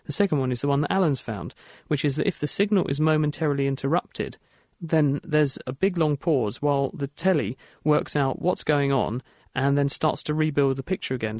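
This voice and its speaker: A man presenting a radio science show, explaining things in a clear, chatty way. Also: mid-range voice, a little mellow, dry recording, studio quality.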